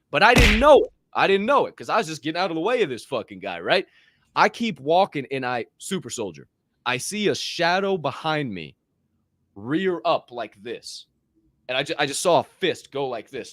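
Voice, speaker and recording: A man's voice: fairly high pitch, no room sound. A man co-hosting a podcast, telling a story casually with lots of swearing and acted-out voices. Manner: profane, animated, acts out voices in his stories. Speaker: podcast co-host.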